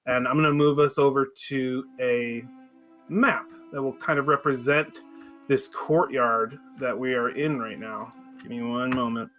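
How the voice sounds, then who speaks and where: A man's voice: mid-range voice, steady tone, a little slow, a bit bright, faint music behind. A man narrating as game master, describing scenes with frequent fillers and self-corrections.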